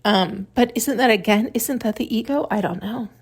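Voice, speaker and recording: A woman hosting a podcast, talking through spiritual ideas in a reflective monologue, musing and searching for words with pauses and self-corrections. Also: on the high side, husky. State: tearful at times. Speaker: podcast host.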